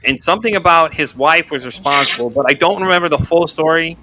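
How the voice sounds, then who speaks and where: A man's voice: on the high side, fast, background noise. A man hosting a podcast in casual chat, earnest and swearing freely as he retells conversations. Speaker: podcast host.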